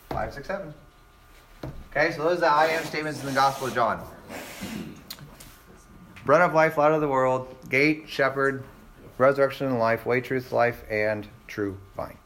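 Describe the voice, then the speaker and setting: A man's voice: medium pitch, a bit bright, a little hiss or hum. A man teaching a Bible class, quizzing his students with rhetorical questions and acting out quoted exchanges. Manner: acts out voices in quoted exchanges.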